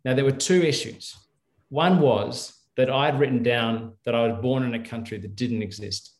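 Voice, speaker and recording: A man's voice: medium pitch, normal speed, reverberant. A middle-aged man, a guest doctor, telling stories in a rambling, restarting way in a casual interview. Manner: rambling, with many restarts and fillers.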